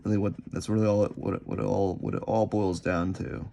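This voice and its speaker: A man chatting unscripted while he sketches, rambling and halting, often repeating himself as his thoughts drift. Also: on the low side, fairly even intonation, gravelly, mellow. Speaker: artist vlogger.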